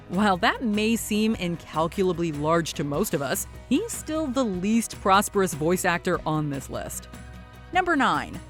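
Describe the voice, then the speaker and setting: A woman narrates a countdown video in a scripted voice-over, her lowish voice rising and falling a lot. Her delivery stays upbeat, with faint music underneath. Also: a bit bright.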